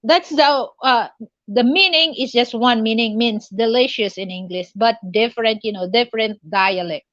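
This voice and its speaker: A woman with a Filipino accent hosting a casual live chat, halting and full of fillers and restarts. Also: a little high, fairly bright tone, no echo, dull audio. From Philippines. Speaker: livestream host.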